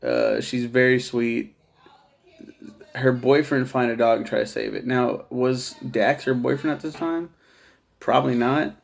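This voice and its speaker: A man's voice: medium pitch, fairly even intonation, measured pace, creaky. A man casually reviewing a TV show in a rambling, profane monologue, laughing at his own jokes.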